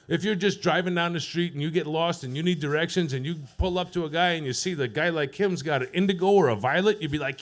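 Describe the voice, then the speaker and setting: A man doing a profane stand-up set at an open mic, deadpan and teasing the crowd. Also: on the high side, fast talker, few pauses. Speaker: stand-up comedian. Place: comedy club stage.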